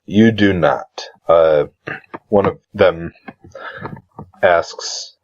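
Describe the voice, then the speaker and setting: A man narrating a tabletop game as game master, halting with frequent fillers. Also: low voice, lo-fi sound.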